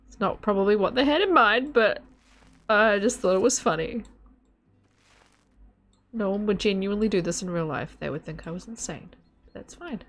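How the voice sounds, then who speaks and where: A woman's voice: medium pitch, normal speed, pauses often, fairly bright tone. A woman streaming a game, chatting in a rambling, giggly, casual way to her viewers and a friend. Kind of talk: casual live-stream chat while gaming.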